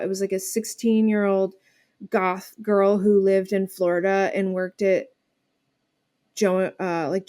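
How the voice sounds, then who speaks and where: A woman's voice: medium pitch, darkish tone. A woman comedian and actor chatting casually as an interview guest, talking loosely with many fillers and restarts.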